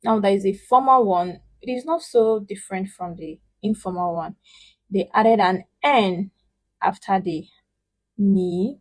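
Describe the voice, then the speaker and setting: A woman's voice: mid-range voice, darkish tone, slightly rough. A woman teaching a spoken language lesson, patiently repeating words and stretching out syllables so learners can echo her. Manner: models pronunciation with emphatic, drawn-out syllables.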